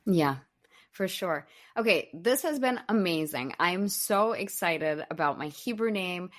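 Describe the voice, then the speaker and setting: Young woman podcast host, lowish voice, casual chat, laughs a lot and tells stories with playful bits. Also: unhurried. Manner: animated storyteller, laughs often, quotes kids in playful voices.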